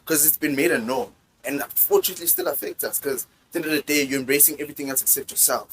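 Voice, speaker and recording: A man's voice: on the high side, huge pitch swings, very fast, creaky, fairly bright tone, slight background noise. A man co-hosting a casual chat, talking with passion, switching between English and Zulu and often checking that he is understood. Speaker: podcast co-host.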